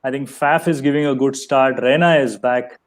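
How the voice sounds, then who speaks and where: Measured man weighing up a cricket match. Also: mid-range voice, fairly even intonation. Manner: measured, leans on "you know". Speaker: cricket panelist. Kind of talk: casual cricket chat.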